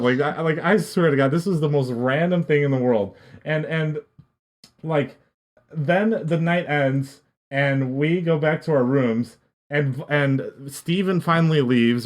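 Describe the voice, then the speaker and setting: A young man and podcast guest, telling a casual story in a rambling way with many restarts. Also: on the high side. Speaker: podcast guest, esports coach.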